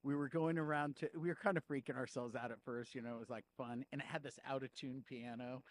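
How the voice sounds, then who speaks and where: A man hosting a podcast in casual chat, animated and laughing easily as he tells stories. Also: medium pitch, quick pace, a little hiss or hum. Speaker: podcast host.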